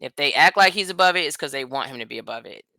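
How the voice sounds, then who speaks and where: An American woman vlogger gives a blunt, profane, rambling political rant directly to her viewers, full of quick asides. Her voice sits low, with lively intonation, vocal fry, and a bright, forceful tone; there's no echo.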